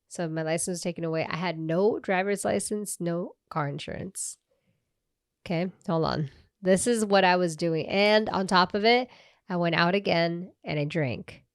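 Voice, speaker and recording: Young female co-host, animated storyteller, low smooth voice, dry sound. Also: moderate pace, no room sound. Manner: animated, swears, acts out quotes, laughs often. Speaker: podcast co-host. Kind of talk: casual storytelling chat.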